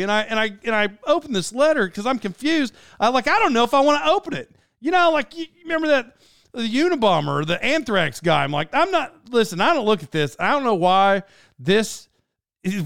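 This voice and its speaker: Animated rambling man, lively pitch. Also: a little fast, creaky, no echo, clean studio sound. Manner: rambling, animated storytelling with laughs. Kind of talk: casual monologue.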